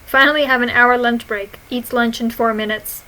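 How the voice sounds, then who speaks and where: A young woman reads her own old posts aloud in a loose, casual vlog. She giggles often, swears freely and retells her stories with plenty of animation. Her voice is fairly high and very bright. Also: fairly even intonation, normal speed, rough recording. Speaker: vlogger.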